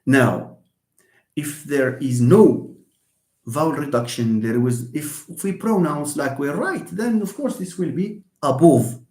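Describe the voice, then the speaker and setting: A middle-aged man with a Moroccan accent gives a live English pronunciation lesson. His voice sits a little high for a man, and he repeats words over and over as he models each sound. The room around him rings with echo. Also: lively intonation, slow pace, a little mellow. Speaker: English teacher. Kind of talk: live online lesson with questions.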